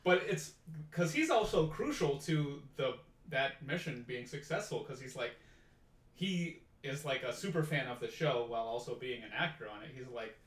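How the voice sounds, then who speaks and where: A man's voice: medium pitch, normal speed, far from the mic. Man laughing through an echoey, off-mic chat. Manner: animated retelling, laughs often. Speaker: podcast co-host. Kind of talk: casual chat.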